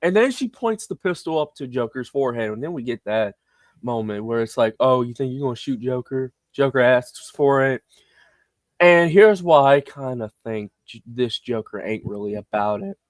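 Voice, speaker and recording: A man's voice: mid-range voice, moderate pace, no echo, studio quality. A young man co-hosting a casual film review chat, slangy and laughing, acting out lines from the movie. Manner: animated, laughing, slangy, acts out quotes. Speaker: podcast co-host.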